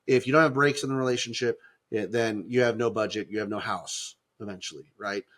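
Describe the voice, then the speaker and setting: A middle-aged man co-hosting a casual faith podcast, talking in an animated way with restarts and acted-out quotes. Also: fairly low pitch, fairly quick. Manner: animated, acts out quoted voices, many restarts. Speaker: podcast co-host.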